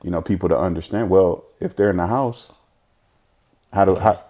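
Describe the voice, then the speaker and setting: The father of an autistic son appears as an interview guest, talking in a candid, earnest, reflective way full of fillers and false starts. He has a low-pitched voice at a moderate pace, and the audio sounds lo-fi.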